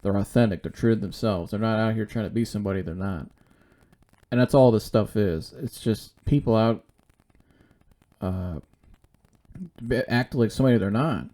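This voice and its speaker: Male podcast host, low mellow voice, blunt, repetitive solo talk. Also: normal speed, long pauses. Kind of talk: casual solo monologue.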